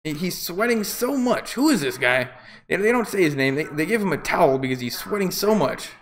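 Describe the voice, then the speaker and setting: A man's voice: on the high side, sing-song, brisk. A man doing casual live play-by-play commentary, rambling and opinionated with jokey asides.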